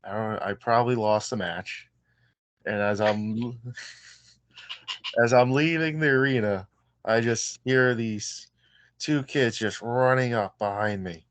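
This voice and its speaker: A man who wrestles, a guest telling stories in an easygoing, relaxed way during a casual interview. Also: medium pitch, slow pace, long pauses, no echo.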